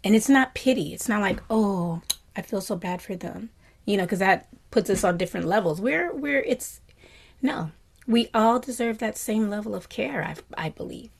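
Gentle woman giving a soft dharma talk. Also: mid-range voice, normal speed, creaky, slightly rough. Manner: gentle, reflective, often dropping to a soft whisper; animated when voicing happy quotes. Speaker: meditation teacher.

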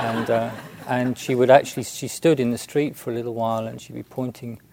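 A man, a Buddhist monk, telling a story in a halting, unhurried way with many restarts and fillers. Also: medium pitch, fairly even intonation, gravelly, darkish tone, no echo. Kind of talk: storytelling talk.

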